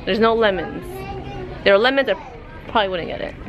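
A woman's voice: medium pitch, lively intonation, fast, lo-fi sound, a crowd in the background. A woman vlogging while shopping in a store, chatty and giggly, teasing her partner. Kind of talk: casual vlog chat.

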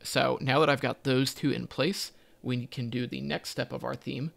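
A man's voice: medium pitch, steady tone, normal speed, gravelly, fairly bright tone. A man teaching a coding tutorial, thinking aloud as he types, with frequent ums and self-corrections. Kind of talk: screen-recorded coding walkthrough.

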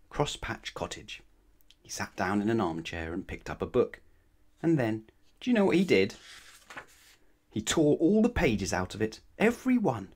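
Male bedtime storyteller, lowish voice, lively delivery, asks the child questions. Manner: expressive, asks the listener questions. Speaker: storybook reader.

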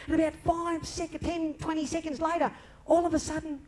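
An Australian man telling a long comic story on stage, lively and broad, slipping into mimicked voices. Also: extremely high pitch, fairly quick. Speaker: comedian telling stories on stage. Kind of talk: live stand-up storytelling. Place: club stage before a live audience. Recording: faint crowd ambience from a live venue.

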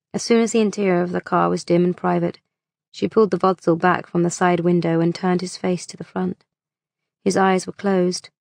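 A woman narrating an audiobook in a measured, unhurried reading voice on a close mic. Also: lowish voice, vocal fry, a little mellow, no echo.

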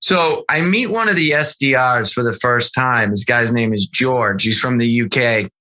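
Man, podcast guest, very bright tense tone, animated storytelling, conversational. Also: mid-range voice, normal speed. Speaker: sales executive guest. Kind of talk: casual podcast interview.

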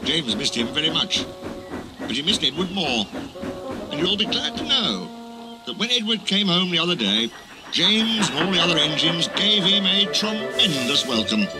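A man reading a children's railway story aloud as narrator, with expressive, animated storytelling. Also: a little high, moderate pace, low-quality recording. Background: music.

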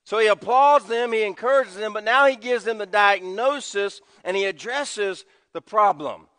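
A man preaching a sermon as pastor, swinging from loud emphasis to hushed low tones. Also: normal speed, in a large hall. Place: church sanctuary.

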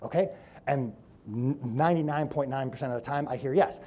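A man speaking as a chiropractor at a live seminar, telling stories energetically, acting out the people in them and swinging between loud and hushed. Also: mid-range voice, brisk. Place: room with an audience.

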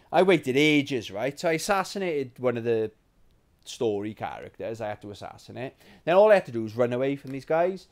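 A man from England hosting a gaming vlog, telling stories in a rambling, animated way and swearing freely. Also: on the high side, brisk. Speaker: gaming channel host. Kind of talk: casual storytelling vlog.

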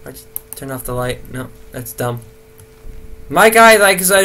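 A young man hosting a gaming video rambles nervously through his horror game commentary, swearing and talking to himself to keep calm. His voice is medium-pitched and unhurried.

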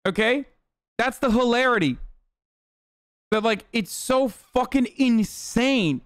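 Man, streamer, high voice, crisp, dry close sound, swearing, heated, arguing with chat. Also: lively intonation, takes it slowly, a bit bright, dry recording. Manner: heated, profane ranting; argues directly with chat. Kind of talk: live-stream reaction commentary.

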